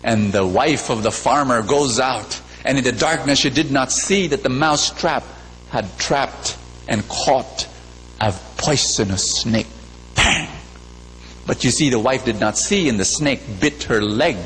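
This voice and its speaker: With a measured pace and a medium, slightly bright voice, a man preaches in a spacious church. Repeated phrases, questions to the audience, and a fable shape his message, and the recording has long reverb plus a faint hum.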